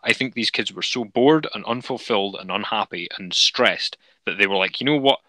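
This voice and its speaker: A man's voice: on the low side, normal speed, sharp tone, no echo, low-quality recording. A man in a casual podcast chat, opinionated and sweary as he rants.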